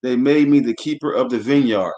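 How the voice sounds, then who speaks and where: A man's voice: medium pitch, fairly quick, dark tone, muffled recording. A man teaching a live-streamed scripture class, reading verses aloud and then commenting in a blunt, coarse way, often saying "man". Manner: preachy, blunt, says "man" constantly; coarse, swears freely.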